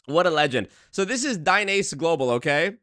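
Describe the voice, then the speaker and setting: A man's voice: on the high side, pushed and bright, dry recording, clean studio sound. A man hosting a comedy commentary, sarcastic and mocking as he picks apart a video. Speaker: host.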